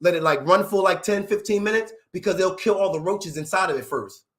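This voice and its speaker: A man voicing a laid-back male friend who calmly explains odd household habits as if they were normal. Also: sits high, fairly quick, natural voice. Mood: explaining. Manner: matter-of-fact, unbothered explaining.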